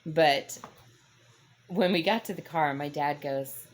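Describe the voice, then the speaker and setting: Low-voiced older woman telling a story. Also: fairly even intonation, normal speed, slight background noise. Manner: rambling, self-correcting storyteller. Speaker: host. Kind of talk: casual faith-based storytelling.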